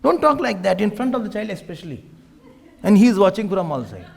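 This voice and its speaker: A man's voice: sits high, sing-song, a little fast, creaky, darkish tone. A man giving a humorous spiritual discourse as a swami, acting out family quarrels and slipping into Hindi. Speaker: swami giving a scripture talk.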